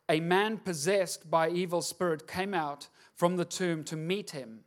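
A middle-aged pastor with a high voice preaches a sermon. He tells the story in a plain, conversational way, then builds to loud, fervent exhortation.

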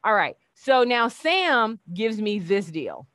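A woman's voice: medium pitch, big pitch swings, slow, fairly bright tone, dry recording, clean studio sound. A woman speaker chatting casually as a guest, telling a story animatedly, acting out the dialogue and laughing often.

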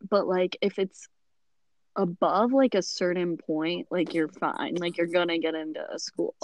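A woman's voice: lowish voice, steady tone, a little slow, slight background noise. A teenage girl co-hosting a casual podcast chat, rambling with lots of fillers and giggles. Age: teens. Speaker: podcast co-host.

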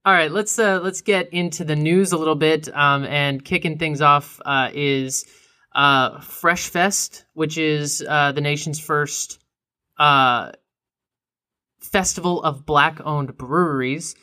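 A young man co-hosting a casual beer podcast, relaxed and chatty, with plenty of ums and uhs. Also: a little high, slow pace, smooth. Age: young adult. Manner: relaxed, frequent filler ums and uhs, laughs easily. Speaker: podcast co-host.

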